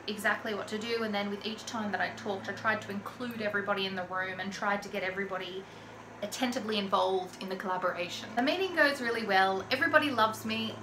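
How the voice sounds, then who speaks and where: With a mid-range voice, this Australian vlogger tells a personal story in a relaxed, chatty way, leaning heavily on "like." Her echoey room picks up background noise, including a lawn mower droning faintly outdoors.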